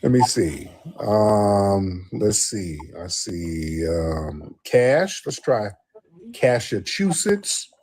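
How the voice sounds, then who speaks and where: Animated husky-voiced man hosting a call-in. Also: on the low side. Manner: animated, loose and emphatic, drawn-out affirmations. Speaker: live show host. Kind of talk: casual live call-in talk.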